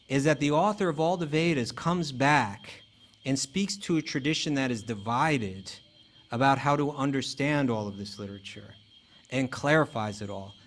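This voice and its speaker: Male teacher, mid-pitched, chatty lecture delivery full of restarts, faint noise underneath. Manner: conversational, many fillers and restarts. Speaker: spiritual teacher. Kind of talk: casual lecture.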